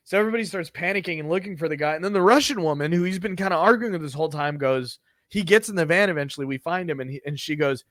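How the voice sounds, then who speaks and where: A man's voice: a little high, fast, fairly bright tone, no echo, studio quality. Rambling, foul-mouthed male storyteller. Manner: rambling, profane, offhand. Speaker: podcast host. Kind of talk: comedic storytelling.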